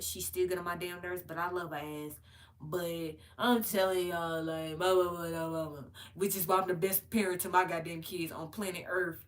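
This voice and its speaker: A woman giving casual ranting commentary as a vlogger, blunt and profane, laughing between points as she tells stories. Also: fairly low pitch. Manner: blunt, profane, animated storytelling.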